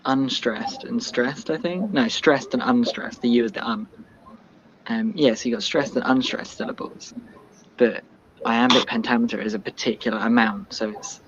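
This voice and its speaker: A man's voice: medium pitch, moderate pace, a bit bright, dull audio, slight background noise. A young man, a university student guest, chatting casually on a livestream and hedging his points. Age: young adult. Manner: hesitant, hedging with "I think".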